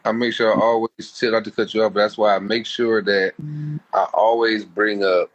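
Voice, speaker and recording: Low-voiced man telling a heartfelt story. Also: flat delivery, moderate pace, muffled recording. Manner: heartfelt, rambling, slangy. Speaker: guest. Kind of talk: casual storytelling.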